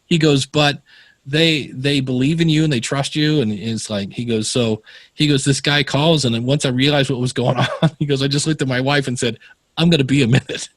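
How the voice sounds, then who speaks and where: A man's voice: mid-range voice, fairly even intonation, normal speed, dry recording. A man telling stories in a casual podcast interview, often acting out the voices of the people he quotes. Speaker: podcast guest.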